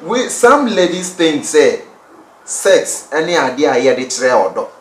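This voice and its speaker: A man on a discussion panel who talks haltingly, repeating himself as he searches for words. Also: a little high, very animated. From Ghana. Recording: echoey room with faint noise.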